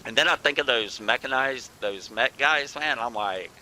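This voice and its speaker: A laid-back man hosting a gaming chat, swearing at every turn and calling everyone bro. His voice is strikingly bright and sharp. There is a faint hiss of noise under it. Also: mid-range voice, normal speed, poor audio. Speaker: channel host, former soldier.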